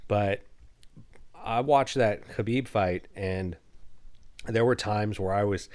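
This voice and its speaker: A man hosting a casual podcast talk about fighting, enthusiastic and rambling, often starting a sentence over. His voice is on the low side. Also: slow pace, long pauses, darkish tone. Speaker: podcast host.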